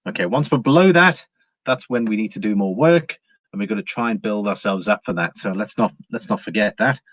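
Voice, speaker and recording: A lowish, slightly bright male voice speaks fairly quickly on an English host's casual livestream about precious metals. He reads the chat, greets viewers by name and fills his market talk with fillers, all in a dry, somewhat dull home recording.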